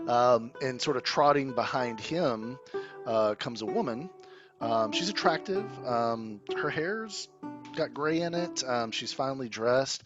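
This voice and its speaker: A man running a tabletop game, describing the scene casually with many ums. His voice sits at a middle pitch, and the recording is a little dull. Music plays behind him. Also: expressive, a little slow. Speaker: game master.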